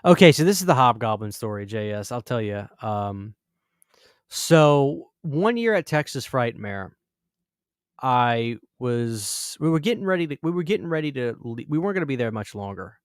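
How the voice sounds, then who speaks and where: A man's voice: mid-range voice, big pitch swings, moderate pace, dry recording, studio quality. A young man hosting a horror channel, telling a rambling story in casual chat and acting out the voices of people he quotes. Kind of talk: casual storytelling to a live stream audience.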